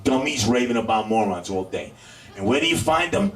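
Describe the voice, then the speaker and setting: A man's voice: medium pitch, big pitch swings, fairly bright tone, recorded from a distance. A man hosting a comedy show, doing stand-up and teasing the crowd, stretching out his punchlines. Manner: banters with the crowd, drawn-out punchlines. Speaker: comedy club host. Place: comedy club. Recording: roomy club sound from afar with faint noise.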